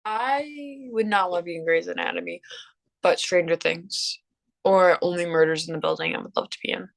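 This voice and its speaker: A woman's voice: fairly low pitch, moderate pace, creaky, poor audio. A young woman guest on a podcast, rambling and giggling in casual chat over a call.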